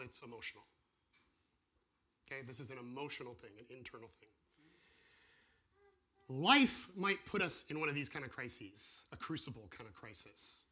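A man teaching an informal sermon to a class, animated and acting out the voices of people and God. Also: medium pitch. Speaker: pastor or church teacher.

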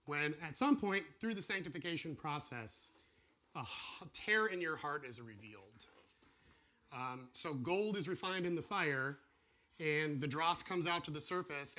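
A man teaching an informal sermon to a class, animated and acting out the voices of people and God. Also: on the high side. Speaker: pastor or church teacher.

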